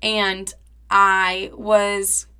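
A woman's voice: medium pitch, completely flat delivery, drawn-out words, pushed and bright, smooth. A young woman in her twenties hosting a podcast, telling a personal story in a chatty, dramatic way, full of "like" and swearing. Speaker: podcast host. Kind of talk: casual storytelling monologue.

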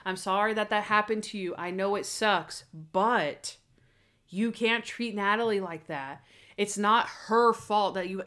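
Animated woman retelling scenes. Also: mid-range voice. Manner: animated, acts out characters' lines in voices. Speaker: podcast co-host. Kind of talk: casual chat reviewing a TV episode.

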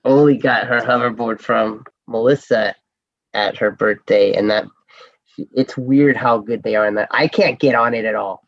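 A man co-hosting a casual podcast, jokey and quick to laugh. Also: medium pitch, dry recording, dull audio. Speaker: podcast co-host.

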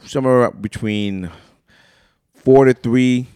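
A man co-hosting a casual beer-and-sports podcast, loud and joking, with sudden shouted bursts. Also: mid-range voice, slow, clean tone, dry recording. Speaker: podcast co-host. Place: small room, two mics.

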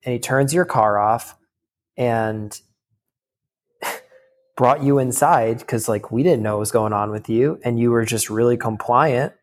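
A man with a mid-pitched voice tells a long personal story in a loose, rambling way. He leans on "like" constantly and swears casually. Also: a little slow, pauses often. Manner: rambling, heavy use of "like".

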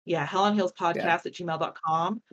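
A woman co-hosting a podcast, joking around in an animated, exasperated casual chat. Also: fairly low pitch, moderate pace, muffled recording. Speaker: podcast co-host.

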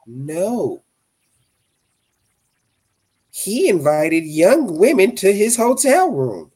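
A man's voice: a little high, sing-song, slow pace, long pauses, a little mellow. A man co-hosting a casual wrestling podcast, crude and profane, joking and laughing easily. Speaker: podcast co-host.

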